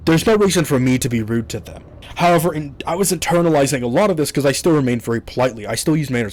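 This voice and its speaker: A man's voice: medium pitch, expressive, rapid-fire, a little mellow. Exasperated man ranting on a vlog. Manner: exasperated, swears often, rambling with restarts. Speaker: YouTuber. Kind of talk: casual storytelling rant.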